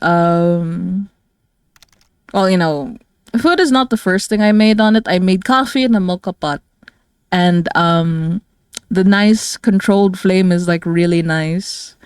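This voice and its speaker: Slow, tired woman streamer. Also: lowish voice, fairly even intonation, clean tone, dry recording, clean studio sound. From Philippines. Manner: rambling and chatty, many fillers, frequent soft laughs. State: tired and low on energy. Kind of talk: casual livestream chat with viewers.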